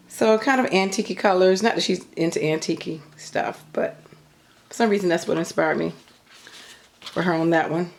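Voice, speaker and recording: Middle-aged lady rambling about her crafts at home, lowish gravelly voice, kinda out of breath. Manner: chatty, rambling, filler-heavy. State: a bit out of breath. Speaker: craft YouTuber. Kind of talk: casual show-and-tell vlog. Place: at home craft table, behind the camera.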